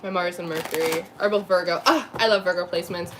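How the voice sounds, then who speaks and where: A chatty woman from New Jersey does a live tarot reading chat, laughing often and making quick asides. Her voice is on the low side, and there's a little hiss or hum in the recording.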